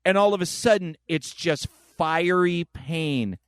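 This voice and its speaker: A man's voice: fairly high pitch, unhurried, clear, resonant tone, no room sound, studio quality. A man hosting a podcast in casual chat, telling stories with acted-out voices. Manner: animated storyteller, acts out voices. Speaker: podcast host.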